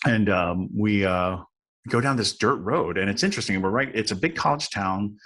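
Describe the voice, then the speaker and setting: A man who is a podcast guest, telling a story in a lively, dramatic and self-mocking way. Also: on the low side, normal speed. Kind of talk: animated storytelling in a chat.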